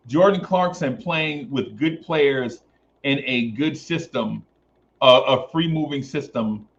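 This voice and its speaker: Animated man on a sports talk stream. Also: mid-range voice, a little hiss or hum. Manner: animated, repeats phrases for emphasis. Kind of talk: casual sports talk stream, reading chat. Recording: dull lo-fi stream audio.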